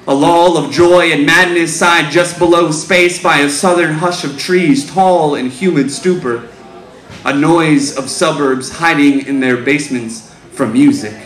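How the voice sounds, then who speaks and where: A man reads his poetry aloud in a slow, incantatory voice, letting long pauses hang between images. His voice sits a bit higher than most men's. The recording has a roomy echo around it. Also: fairly bright tone. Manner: slow, incantatory, low-pitched delivery with lingering pauses. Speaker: poet reading his work. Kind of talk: spoken-word poetry reading.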